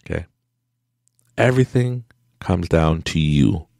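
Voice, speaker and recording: A man hosting a podcast, talking in a casual, animated motivational monologue and laughing often. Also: low voice, takes it slowly, vocal fry, dry recording, studio quality. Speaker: podcast host.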